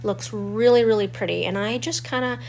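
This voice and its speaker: A woman in her forties talks through a crafting tutorial in a chatty, explanatory way. Her voice sounds stuffy and a little crackly from a cold. Her pitch sits in a middle range, and a faint hum runs underneath. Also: a little fast, vocal fry, darkish tone. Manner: chatty and explanatory, walking through each step. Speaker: scrapbooking channel host.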